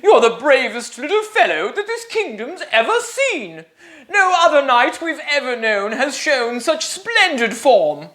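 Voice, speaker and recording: A man's voice: very high-pitched, sing-song, measured pace, bright, forceful tone, pitched above the performer's own voice, exaggerated voice. A man voicing a grand, grateful storybook king, full of effusive, lilting praise. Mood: delighted.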